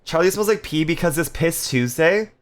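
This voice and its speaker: A man's voice: fairly high pitch, animated, moderate pace. A man casually chatting on a live stream, reading viewer messages aloud with playful jokes and frequent laughter. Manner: laughs often.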